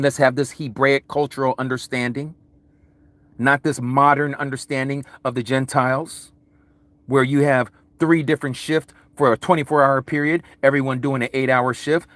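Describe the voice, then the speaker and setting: A man preaching a Bible study sermon, loud and vigorous, with mounting intensity. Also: mid-range voice, no echo. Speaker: Hebrew Roots Bible teacher. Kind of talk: impassioned livestream sermon.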